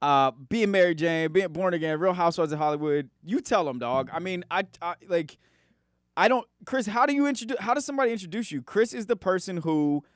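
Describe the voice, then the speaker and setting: A man's voice: high-pitched, expressive, fairly quick, dry recording, clean studio sound. A man hosting a podcast, asking questions in loose, rambling casual chat with many fillers. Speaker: podcast host.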